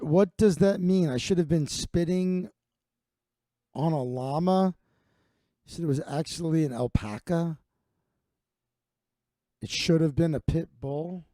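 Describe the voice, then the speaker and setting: A man hosting a comedy livestream, rambling in a loose, profane, self-deprecating way. His voice sits a bit high but sounds dark and mellow. The sound is dry and close, from a home webcam setup. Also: no room sound. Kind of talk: casual profane monologue.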